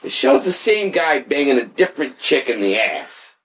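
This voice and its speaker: A man's voice: a little high, sing-song, moderate pace, fairly bright tone, slight background noise. A man in casual, crude conversation, rambling through a story with lots of filler words.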